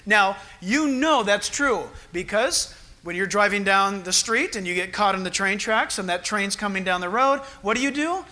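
A man's voice: high voice, sharp tone. A man, a pastor preaching a sermon, telling stories with acted-out voices and laughter.

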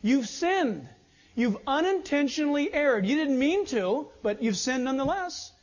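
A man preaching a sermon as pastor, animated, swinging between loud urging and low asides. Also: unhurried, highs cut off.

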